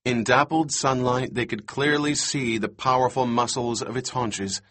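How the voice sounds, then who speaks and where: A male audiobook narrator with a husky, mid-pitched voice. He reads the scripted prose steadily and evenly. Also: moderate pace. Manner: steady, even storytelling.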